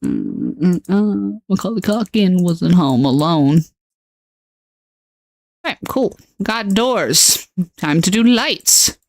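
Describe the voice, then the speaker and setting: A woman's voice: fairly low pitch, huge pitch swings, very slow, creaky, a little mellow, dry recording. Chatty woman streaming from home. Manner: chatty, laughs often, baby-talks to her dogs. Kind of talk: casual livestream chat.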